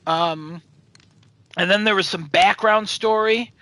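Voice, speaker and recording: A man's voice: sits high, slow pace, sharp tone, dry recording, poor audio. A man hosting a casual chat show, recapping a movie in a rambling, sarcastic way with lots of fillers and swearing. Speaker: podcast host.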